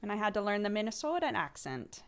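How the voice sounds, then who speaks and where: A woman's voice: mid-range voice, big pitch swings, fast. A woman streamer chatting casually with viewers, talkative and laughing often, with many fillers. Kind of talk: casual livestream chat.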